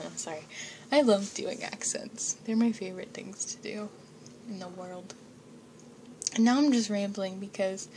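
Talking to her listeners, this young audio creator rambles and giggles her way through casual chat, frequently dropping to a whisper and cursing here and there. She has a mid-range voice, with slight background noise underneath.

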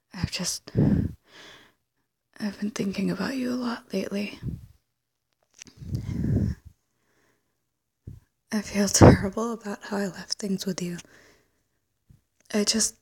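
A wistful, teasing ex-lover, acted by a young woman in a whispered role-play. Her breathy whisper has a husky, gravelly edge, and she takes her time, trailing off and starting over. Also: mid-range voice, steady tone, measured pace, long pauses. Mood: regretful, longing. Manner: hushed, hesitant, with trailing restarts.

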